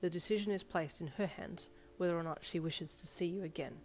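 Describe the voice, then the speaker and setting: A woman's voice: fairly low pitch, fairly even intonation, a little fast, a little hiss or hum, natural voice. Woman reading as a stiffly formal, earnest teenage boy. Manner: stiff, formal, polite wording.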